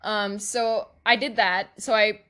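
A woman's voice: medium pitch, fairly even intonation, slow pace, fairly bright tone, smooth. A young woman hosting her own podcast, talking candidly and emotionally in a confessional monologue, laughing often and swearing casually, her voice sometimes teary. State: teary, voice breaking at times. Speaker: podcast host.

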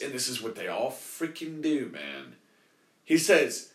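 Animated male host, rambling storyteller, softened swearing, echoey room. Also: a little high, normal speed. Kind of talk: casual storytelling.

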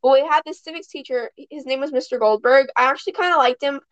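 A woman's voice: high-pitched, quick pace, dry recording. A woman hosting a podcast and chatting casually, telling rambling stories that restart mid-sentence. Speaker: podcast host. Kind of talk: casual chat. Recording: dull, dry sound.

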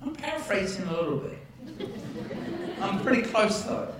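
A man's voice: sits high, big pitch swings, normal speed, a crowd in the background. A male preacher telling stories in a joking, conversational sermon style before an audience. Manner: jokey, conversational, laughs at own stories. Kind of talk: humorous storytelling sermon. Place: large hall with audience. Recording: echoey hall, distant mic, audience.

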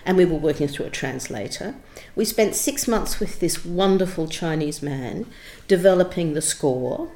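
A middle-aged woman, a theatre director and writer, telling a story in an interview in an expressive, emphatic way with frequent restarts. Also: sits low, normal speed. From Australia.

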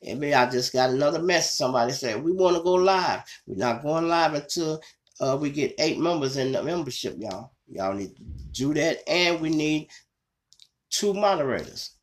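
A man's voice: a little high, animated, normal speed. A man with a Chicago accent hosting his own show, telling a true-crime story in a casual, conversational way and often calling his listeners y'all. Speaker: show host.

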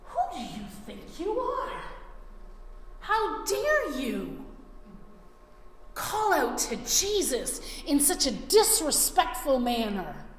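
Scornful, rebuking bystanders, as a woman preacher puts them on; slow delivery, long hall reverb. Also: high voice, wildly swooping pitch, slight background noise, full character voice. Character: scolding, dismissive crowd of bystanders. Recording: echoey hall, faint ambience.

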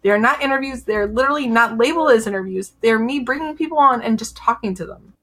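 A woman's voice: a little high, fast talker, a bit bright. A woman podcaster in casual livestream chat, indignant and rambling as she talks. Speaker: podcaster, talk guest.

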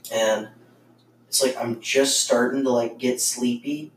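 A man's voice: mid-range voice, steady tone, a little slow. A man casually telling a ghost story on a podcast, rambling with lots of swearing and fillers. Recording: roomy, distant mic with faint noise.

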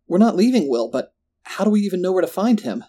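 A man's voice: high-pitched, very animated, quick pace, mellow, slightly rough, pitched above the performer's own voice, heavily acted. A man voicing a nervous, anxious young man in a horror story.

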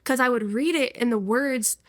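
A woman's voice: on the high side, moderate pace, dry recording, studio quality. A woman in her twenties telling her personal testimony to an interviewer in a casual, slangy way, often breaking into laughter. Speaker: interview guest.

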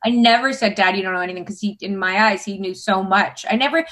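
A woman's voice: mid-range voice, quick pace, a bit bright. A woman in her forties, a podcast guest, talking candidly and expressively and swearing freely. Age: 40s. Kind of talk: casual chat.

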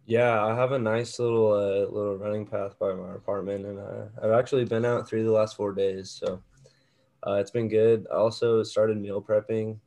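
A man's voice: fairly low pitch, little pitch movement, normal speed, warm tone. A young man co-hosting a podcast, chatting in an easygoing way with frequent hesitations. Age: young adult. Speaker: podcast co-host. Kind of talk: casual chat.

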